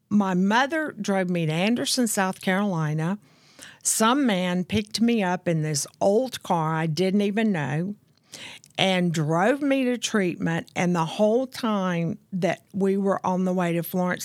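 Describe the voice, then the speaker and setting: A woman guest telling her own story of addiction and recovery in an earnest, candid way, slowing down to stress key points. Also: medium pitch, no room sound. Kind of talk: personal testimony in conversation.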